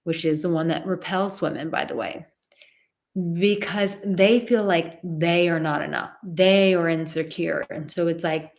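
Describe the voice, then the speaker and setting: A woman's voice: on the low side, steady tone, a little slow, gravelly. A woman coaching on dating in a live stream, emphatic and repeating words for stress, acting out bits of dialogue. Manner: acts out quoted dialogue.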